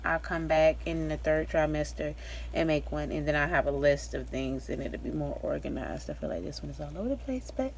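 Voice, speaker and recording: Young woman, low-pitched, rambling casual vlogger, pregnant, faint background hiss. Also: very animated, fairly quick. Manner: chatty and rambling, with frequent fillers and laughs. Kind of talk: casual pregnancy update vlog.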